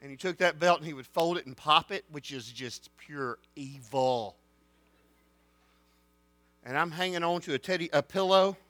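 A man delivers an animated sermon in a high, bright voice. He swings from loud declarations down to hushed storytelling. The sound is dry and close, with a faint mains hum underneath. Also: moderate pace, long pauses, dry recording, soft background music. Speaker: pastor.

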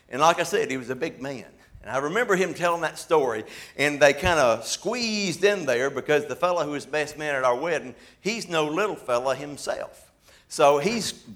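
A man preaching a sermon as pastor, fervent, rising to loud emphatic lines and putting rhetorical questions to the congregation. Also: on the high side.

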